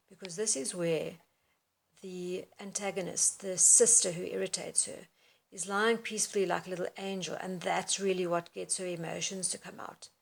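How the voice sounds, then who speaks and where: A woman's voice: fairly low pitch, vocal fry. Woman teaching reading aloud. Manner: explains expressively, then reads passages aloud.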